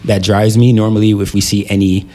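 A man's voice: on the low side, level tone, a little fast, dark tone. A man from California telling his life story as an interview guest, laughing easily. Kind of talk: casual storytelling.

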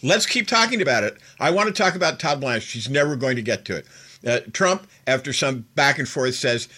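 A man's voice: medium pitch, animated, brisk, sharp tone, breathy edge. A man hosting a political commentary show, recounting an interview in a casual, incredulous and mocking way, laughing as he goes.

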